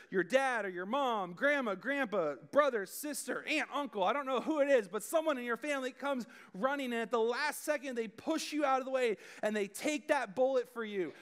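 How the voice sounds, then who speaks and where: A man's voice: extremely high pitch, fairly bright tone. A man preaching a youth sermon, talking conversationally and addressing the room directly. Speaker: youth pastor.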